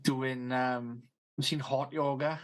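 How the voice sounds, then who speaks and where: Brief: male co-host, mid-range voice, deadpan quips, relaxed. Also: mid-range voice, takes it slowly. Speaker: podcast co-host. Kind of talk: casual chat.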